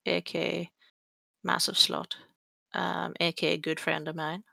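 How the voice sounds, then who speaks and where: A woman's voice: on the low side, level tone, unhurried, vocal fry, sharp tone, dry recording, studio quality. A young woman with a Black Country accent hosting a podcast, chatting casually, swearing a lot and laughing often. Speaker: podcast host. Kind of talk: casual chat.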